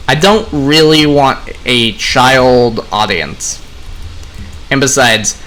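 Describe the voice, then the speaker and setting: A young man chats loosely to his audience while he plays, drifting between the game and his thoughts. His voice is bright and forward, with a middle pitch. He rambles in a relaxed, conversational way. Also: unhurried. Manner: relaxed, rambling, talks to viewers. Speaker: gaming vlogger. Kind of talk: casual commentary while playing.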